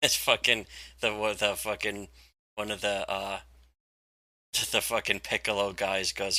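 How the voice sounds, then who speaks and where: A man with a bright, forceful voice and a lowish pitch talks through a comic in loose, rambling chat. He laughs often and swears freely. The sound is dry and close. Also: steady tone, unhurried, dry recording. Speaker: comics review host. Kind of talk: casual profane chat.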